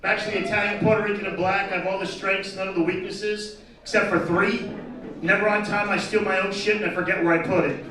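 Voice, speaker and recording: A man's voice: high-pitched, little pitch movement, quick pace, sharp tone, a little hiss or hum. A man doing a crude, brash stand-up set and teasing the crowd at a live event. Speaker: stand-up comedian. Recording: echoey distant mic with crowd. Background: audience chatter and laughter.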